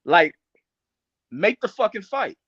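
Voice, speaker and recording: A man's voice: sits high, big pitch swings, slow pace, bright, forceful tone, slightly rough, no room sound, lo-fi sound. A man on a boxing panel speaking bluntly and profanely, impatient with hype. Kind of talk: casual boxing talk.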